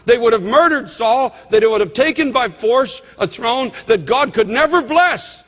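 A man's voice: extremely high pitch, animated, measured pace, fairly bright tone. A man preaching a sermon as a pastor, reading and explaining scripture, rising sharply in emphasis when he quotes verses. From Canada. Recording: reverberant hall.

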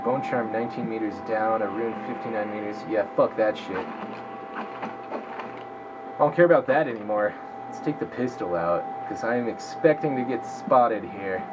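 A man's voice: on the low side, moderate pace, highs cut off, background noise. A young man giving casual, profanity-laden let's-play commentary, talking to himself as he plays. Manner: swears a lot, talks to himself while playing. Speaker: gameplay commentator.

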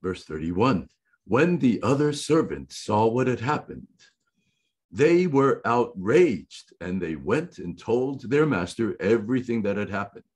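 A male preacher reads scripture slowly and deliberately, pausing on each verse. His voice is low and a little husky, and his pitch rises and falls a lot as he stresses key words. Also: very animated, darkish tone. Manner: slow, deliberate reading with emphatic repetition. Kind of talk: sermon reading and explaining scripture.

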